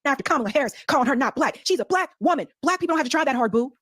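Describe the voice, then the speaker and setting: Woman commentator firing off mocking questions quick and high, dry close sound. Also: expressive, a bit bright, no echo. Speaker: political commentator. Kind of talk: commentary on a clip.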